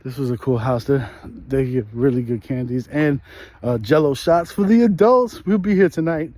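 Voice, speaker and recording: Walking along a residential street with his phone camera rolling, a thirtysomething New Yorker chats casually in slang, laughing often. His voice is mid-range and warm, moving at a moderate pace, in the easygoing style of a walk-and-talk vlog.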